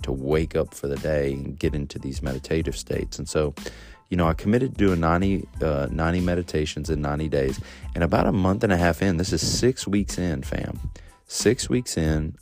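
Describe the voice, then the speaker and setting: A man hosting a solo podcast, telling a personal story in a lively, casual way and talking straight to his listeners. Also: a bass voice. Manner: animated storytelling, addresses listeners directly. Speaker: podcast host.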